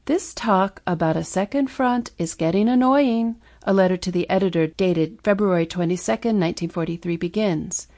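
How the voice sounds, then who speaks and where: A woman reading nonfiction history as an audiobook narrator, measured and deliberate, stressing pointed rhetorical questions. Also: lowish voice, a little mellow.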